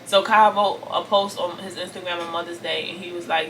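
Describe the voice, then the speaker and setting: A woman in her thirties from Brooklyn speaks to her camera in a raw, tearful vent, repeating phrases and swinging between forceful declarations and soft pleading. Her voice is bright and edged. The mic sits a little away from her, with a faint hiss in the background. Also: mid-range voice, a little fast, far from the mic, poor audio. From Brooklyn, New York. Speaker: vlogger. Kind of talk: emotional storytime vent to camera.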